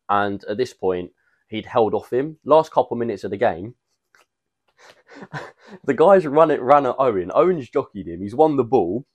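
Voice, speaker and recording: A young man co-hosting a casual podcast, telling long stories full of fillers and slang. His voice sits fairly low. The sound is dry and close to the mic. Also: no echo. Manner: rambling storytelling with fillers and slang. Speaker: podcast co-host. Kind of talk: casual chat.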